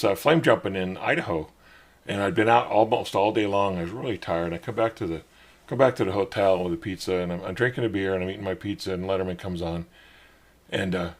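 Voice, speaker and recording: A middle-aged man hosting his own show, telling a rambling personal story in a casual way and getting animated when he quotes other people. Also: low-pitched, vocal fry. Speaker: podcast host.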